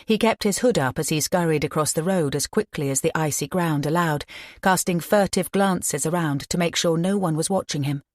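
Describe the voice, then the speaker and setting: Low-voiced woman narrating, dry sound. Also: normal speed, no echo. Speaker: audiobook narrator. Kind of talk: scripted narration.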